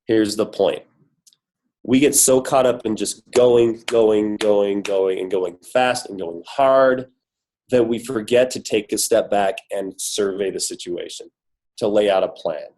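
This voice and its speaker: A man's voice: fairly low pitch, unhurried, a little mellow, low-quality recording. A man with a cold giving an upbeat, emphatic motivational talk on a team coaching call, full of rhetorical questions. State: has a cold, voice worn. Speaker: corporate guest speaker on a team call.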